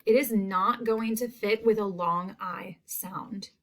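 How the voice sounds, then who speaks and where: A woman teacher giving a recorded spelling lesson to young students, saying each word slowly and clearly. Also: mid-range voice. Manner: slow, clear word-by-word enunciation.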